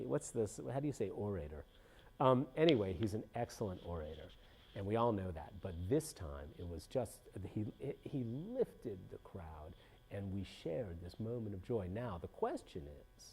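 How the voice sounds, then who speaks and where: A man's voice: on the low side, breathy edge. A middle-aged man hosting a casual political commentary show. He rambles and keeps breaking off to restart his sentences. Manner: rambling, animated, self-interrupting with many restarts. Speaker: podcast host.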